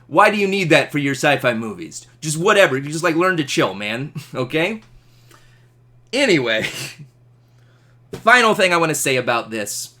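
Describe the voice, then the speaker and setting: A man teaching an astronomy class, animated and jokey, asking questions. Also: fairly high pitch, normal speed. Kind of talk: classroom lecture.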